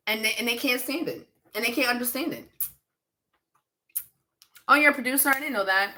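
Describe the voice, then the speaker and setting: A Pennsylvania woman with a slightly high, bright, forceful voice talks fairly quickly. She hosts a livestream as a psychic reader, answering viewer comments in a casual, blunt way and often swearing and laughing.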